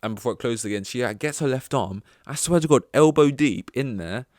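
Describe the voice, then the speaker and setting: A man's voice: mid-range voice, lively intonation, brisk, a little mellow, no echo, clean studio sound. A young English man hosting a casual solo podcast, rambling and swearing as he tells a story and breaks off his own sentences. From England. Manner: rambling, swears, self-interrupting. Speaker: podcast host.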